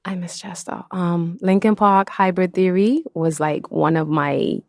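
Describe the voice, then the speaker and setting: A woman's voice: lowish voice, steady tone, a little slow, dry recording, clean studio sound. A young woman from the Bahamas with a Bahamian accent, chatting animatedly and laughing as a podcast guest. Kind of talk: casual chat.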